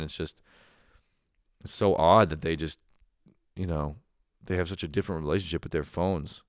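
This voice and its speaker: A man's voice: sits low, clear, resonant tone, no room sound. A young man ranting casually and sarcastically as a comedy host, rambling and swearing often.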